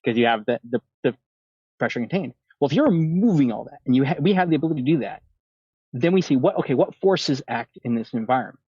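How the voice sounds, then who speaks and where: Caller guy rambling on, husky voice, muffled lo-fi call line. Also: mid-range voice, animated, quick pace, a little mellow, dry recording. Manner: rambling, restarting sentences. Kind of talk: call-in conversation.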